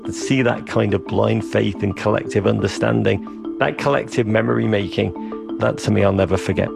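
Gravelly man over music. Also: on the low side, fairly even intonation, fairly quick. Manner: vivid, emphatic recollection.

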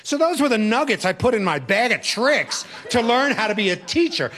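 Animated man telling a story. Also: extremely high pitch, normal speed, few pauses. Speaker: former teacher and religious brother. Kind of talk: personal storytelling talk.

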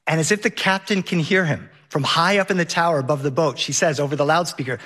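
A middle-aged man telling a comic personal story on stage, vivid and lively, briefly putting on a high whiny voice for his son. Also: quick pace, few pauses.

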